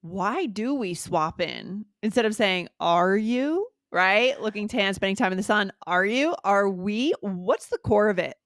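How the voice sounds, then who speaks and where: A woman's voice: medium pitch, expressive, measured pace, few pauses, a bit bright, no room sound, clean studio sound. Upbeat woman co-hosting a podcast. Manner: upbeat, enthusiastic, often checks in with "right?". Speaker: podcast co-host, English teacher. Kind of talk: casual teaching chat.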